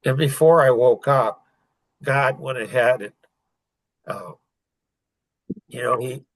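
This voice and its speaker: Older man, halting emotional retelling. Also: mid-range voice, no echo, rough recording. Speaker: podcast guest. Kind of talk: personal storytelling.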